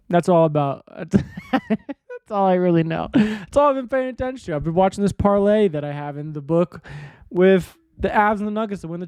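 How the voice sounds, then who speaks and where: A man's voice: on the high side, darkish tone, clear, resonant tone, no room sound. A man hosting a sports podcast in a casual monologue, rambling and offhand, swearing freely. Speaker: podcast host.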